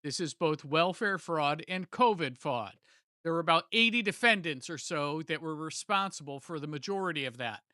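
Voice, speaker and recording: High, bright-voiced emphatic male commentator. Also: expressive, moderate pace, dry recording, studio quality. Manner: emphatic, indignant. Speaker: political commentary host. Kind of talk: opinionated political commentary.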